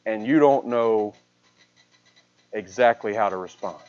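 A man preaching a sermon, retelling a scripture story with dramatic swings between a raised voice and a hushed one. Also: lowish voice, measured pace, highs cut off.

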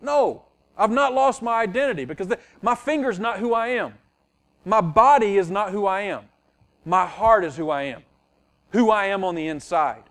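A man's voice: high voice, expressive, normal speed, a bit bright. A middle-aged male pastor preaching a sermon, teaching earnestly and repeating key phrases for emphasis.

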